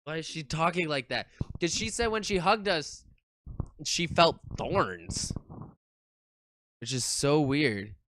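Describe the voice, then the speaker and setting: A streamer casually commenting and reading game text aloud, animated, swearing and nervously laughing. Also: mid-range voice, takes it slowly, long pauses, dry recording.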